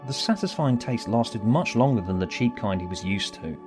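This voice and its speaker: A man reading his own story aloud, expressive, moving between bright and hushed. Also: fairly low pitch, normal speed, music in the background. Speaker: author and narrator. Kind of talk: storybook narration.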